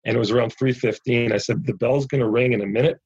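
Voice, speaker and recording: A man's voice: mid-range voice, fairly even intonation, quick pace, a little mellow, husky, no room sound, highs cut off. A man from Canada, a ministry founder, telling a story as an interview guest and acting out the quoted dialogue.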